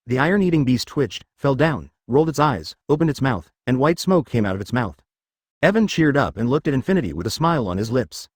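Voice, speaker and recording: Man, audiobook narration, fantasy story, quick delivery, animated pitch, dry close sound. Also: no room sound.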